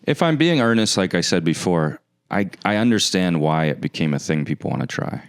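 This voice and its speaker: A man's voice: sits low, animated, a little fast, smooth, no room sound. A man hosting a casual interview podcast, joking in a dry, teasing way. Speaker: podcast host.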